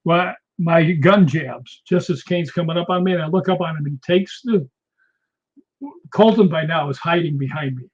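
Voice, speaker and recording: A man's voice: fairly high pitch, moderate pace, breathy edge. A man guesting on an interview show, telling film set stories in a casual way and laughing often. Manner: animated storyteller, laughs often. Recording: dull lo-fi sound.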